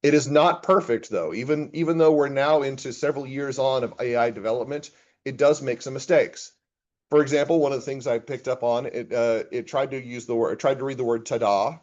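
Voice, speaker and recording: A man's voice: medium pitch, darkish tone, highs cut off. A man, an accounting professor, giving a casual classroom lecture and reading chatbot replies aloud with his own comments.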